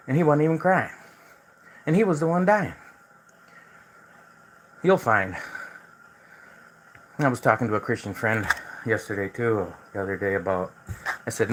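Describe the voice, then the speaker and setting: A man with a somewhat low voice hosts a casual livestream from indoors. He talks in a loose, rambling way and often repeats words or starts over. A faint background noise sits under his voice. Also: a bit bright, poor audio. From United States. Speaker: livestream host.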